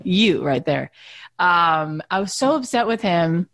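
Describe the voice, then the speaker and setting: Animated woman, dry close sound. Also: unhurried, dry recording. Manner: animated storyteller who acts out quotes in a higher voice. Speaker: co-host. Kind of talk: casual chat.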